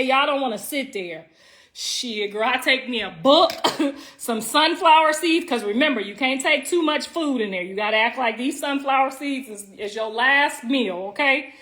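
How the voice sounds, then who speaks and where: A middle-aged woman with a high voice hosts a livestream from home, brash, profane and teasing as she talks straight to her viewers. She stretches words out for emphasis, and dishes and cutlery clink faintly behind her. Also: normal speed, pushed and bright. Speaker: livestream host. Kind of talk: casual livestream chat. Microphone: phone livestream.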